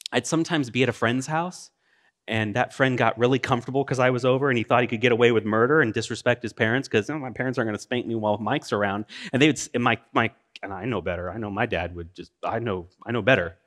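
A middle-aged male pastor preaching a sermon, reading scripture aloud and breaking into plain conversational asides, swinging between loud exclamations and quiet, low remarks.

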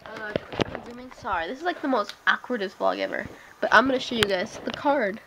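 A woman's voice: fairly high pitch, a little fast, gravelly. A teenage girl rambling and giggling through a casual home vlog, self-deprecating and chatty. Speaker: vlogger. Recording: noisy old home video camera.

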